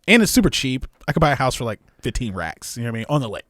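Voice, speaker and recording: Profane, animated young man telling stories. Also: medium pitch, very fast, no echo, studio quality. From Illinois. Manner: profane, animated, acts out voices with laughs. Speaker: podcast guest, comedy club manager. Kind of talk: casual storytelling.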